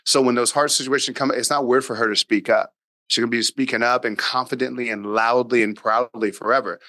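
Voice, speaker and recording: Male podcast guest: forceful, bright tone, dry close mic, emphatic and blunt. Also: mid-range voice, steady tone, fairly quick, no room sound. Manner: emphatic, acts out dialogue with his daughter; blunt, occasional swearing. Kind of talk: casual interview talk.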